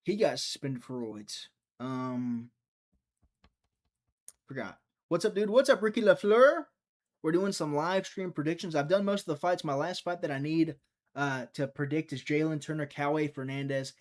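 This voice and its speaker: A young man from Mississippi, USA, hosts a casual live stream in a fairly high-pitched voice at normal speed. He rambles and jokes, reading chat messages aloud and answering them.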